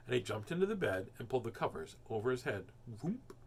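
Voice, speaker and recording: A man reading a children's storybook aloud as host, expressive and animated. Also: mid-range voice, fast talker, gravelly, slight background noise. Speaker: children's book reader, host.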